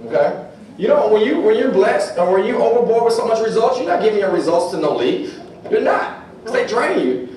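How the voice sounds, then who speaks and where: High-voiced, lively man preaching to a crowd. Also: brisk, a little hiss or hum. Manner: preachy, animated, leads call-and-response chants. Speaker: motivational seminar speaker. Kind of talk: motivational seminar talk. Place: large indoor gym. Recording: echoey gym, from far off.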